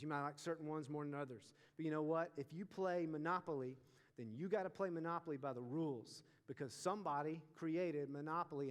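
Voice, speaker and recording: A young man preaching a sermon to a student group, animated and asking the audience questions. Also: fairly high pitch. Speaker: youth pastor. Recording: long reverb of a large hall.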